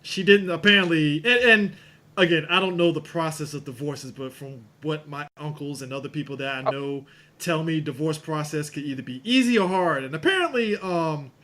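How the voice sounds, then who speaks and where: A man's voice: on the high side, moderate pace, pushed and bright. A man co-hosting a casual movie podcast, eager to point things out. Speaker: podcast co-host.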